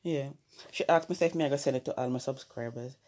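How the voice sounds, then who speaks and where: A woman's voice: very deep voice, fast, a little mellow. A young adult woman with a Jamaican accent, chatting casually at home in a family vlog, coaxing and laughing as she mixes patois, English and French. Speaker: family vlogger.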